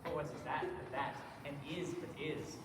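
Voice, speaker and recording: A teen actor as a mocking high-voiced jester. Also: male voice, normal speed, close to an everyday voice. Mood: playful. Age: late teens. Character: witty young male jester, mocking and playful. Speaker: student actor. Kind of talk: school stage play. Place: school stage. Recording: echoey hall from far off, audience noise.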